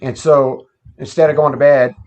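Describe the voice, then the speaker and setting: A man's voice: mid-range voice, level tone, normal speed, darkish tone. A man telling a story about his past in a casual, plain-spoken, folksy way. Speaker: guest telling an encounter story. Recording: dull lo-fi sound.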